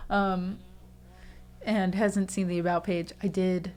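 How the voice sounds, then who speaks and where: A woman's voice: medium pitch, level tone, unhurried, faint music behind. Chatty young woman streaming casually. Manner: chatty, emotional, thanks viewers. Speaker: livestream host. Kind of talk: casual livestream chat.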